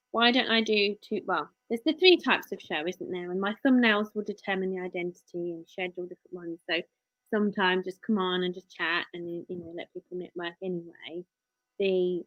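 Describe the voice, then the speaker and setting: A woman's voice: lowish voice, no room sound, highs cut off. A woman with an English accent hosting a casual live stream, chatting in a rambling, friendly way to her viewers. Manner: chatty, rambling, talks to viewers and child at once. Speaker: live-stream host, work-from-home mum.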